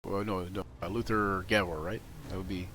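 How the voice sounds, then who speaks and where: A man's voice: low voice, level tone, a little fast, crowd noise. A man running a tabletop game as game master on a live stream, casual and rambling, laughing often.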